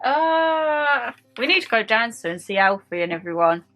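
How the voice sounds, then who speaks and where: Gushing young woman with a bright voice. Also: medium pitch, fast, faint music behind. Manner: gushing, excitable. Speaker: vlogger. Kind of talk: casual chat. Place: home.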